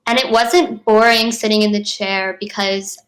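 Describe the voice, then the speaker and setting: Young woman chatting in an interview, bubbly, says like a lot, medium pitch. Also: fairly even intonation, moderate pace, fairly bright tone, poor audio. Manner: bubbly, frequent 'like' and 'um', laughs often. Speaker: actress guest. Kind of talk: casual interview.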